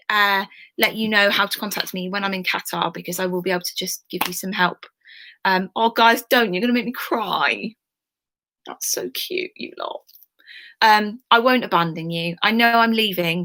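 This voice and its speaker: A young woman teaching history in a recorded remote lesson, talking to her pupils in a warm, reassuring, chatty way with fillers. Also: mid-range voice.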